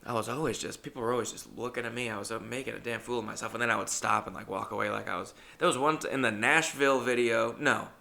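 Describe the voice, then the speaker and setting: Male stand-up comedian, loose rambling storyteller with a bright, forward tone and no filter on language. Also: mid-range voice, fairly even intonation, fast talker, vocal fry, hardly any pauses. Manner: rambling, swears freely. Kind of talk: casual storytelling monologue.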